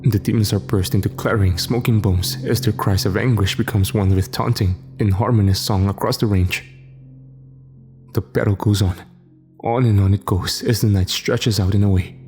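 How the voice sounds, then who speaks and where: A man narrating a first-person horror story in a grave, measured way. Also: lowish voice, steady tone, a little mellow. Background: faint music.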